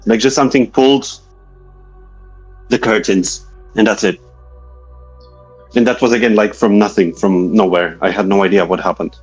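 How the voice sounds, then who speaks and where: A man's voice: on the low side, fairly even intonation, normal speed, long pauses, slightly rough, highs cut off, soft background music. A man telling a guest's ghost story in a casual, hesitant way, often searching for words. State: a little shaky from reliving memories.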